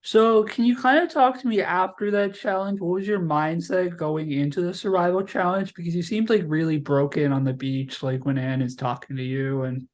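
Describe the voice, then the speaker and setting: A male interviewer puts friendly, chatty questions to a reality show contestant. His voice sits a little higher than most men's. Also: fairly even intonation, moderate pace, hardly any pauses.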